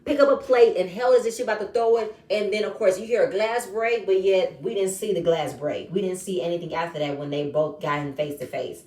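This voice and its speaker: A woman recapping a reality show episode in casual, animated commentary, acting out the quoted lines in changing voices. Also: medium pitch, a little fast, hardly any pauses, recorded from a distance. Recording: echoey room, voice set back from mic.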